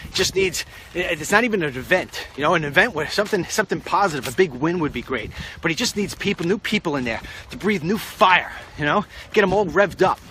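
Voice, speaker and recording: He sounds expressive, bright, and forceful, his voice on the high side and a little fast, with a little hiss or hum in the audio. This middle-aged political vlogger walks a street outdoors, recording on a handheld phone, rambling confidently and speaking directly to the president.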